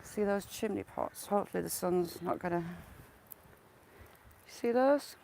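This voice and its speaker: Live-streaming on a handheld phone as she walks through a village outdoors, a woman with a Northern English accent that blends Yorkshire and Geordie chats away casually, greeting viewers by name and pointing things out. Her voice is low-ish, gravelly and warm, with a flat, fairly quick delivery. Crows call over faint outdoor noise.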